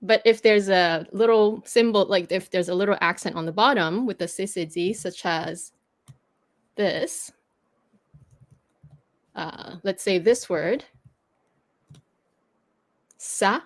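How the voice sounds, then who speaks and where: A woman's voice: medium pitch, a little slow, pauses often. Patient woman explaining pronunciation rules. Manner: patient, explains step by step, laughs easily. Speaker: host teaching pronunciation. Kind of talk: casual livestream explanation.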